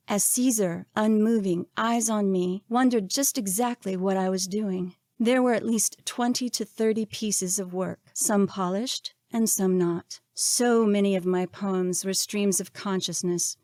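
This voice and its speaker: A woman with a mid-range voice narrates her own memoir as an audiobook. She reads in a measured, expressive way. The recording is dry and close-miked, with no room sound. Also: mid-range voice, no echo.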